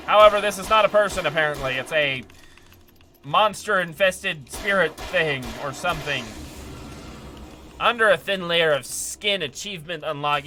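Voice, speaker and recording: Bright, chatty male game streamer. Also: on the high side. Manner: chatty, upbeat, laughs often, talks to chat. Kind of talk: live gameplay commentary.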